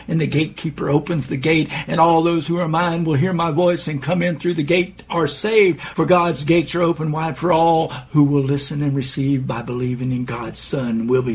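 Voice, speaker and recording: A man voicing Jesus in a guided devotional meditation, speaking gently, solemnly and reassuringly. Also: fairly high pitch, breathy edge. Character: gentle loving male Jesus, calm and assured.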